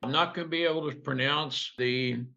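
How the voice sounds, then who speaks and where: Interviewer, a man with a bright, sharp voice, asks careful questions; muffled lo-fi recording. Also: mid-range voice, fairly even intonation, normal speed, gravelly.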